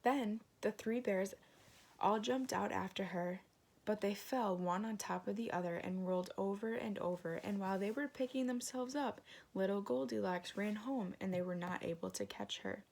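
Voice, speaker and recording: A woman reading a fairy tale aloud in a gentle storytelling manner, adding moralizing asides. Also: medium pitch, moderate pace, creaky.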